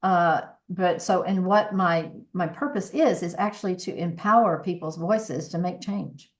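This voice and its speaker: A woman in her sixties, a voice coach, talking earnestly and reflectively as a podcast guest, often restarting her sentences. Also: fairly low pitch. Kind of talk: conversational interview.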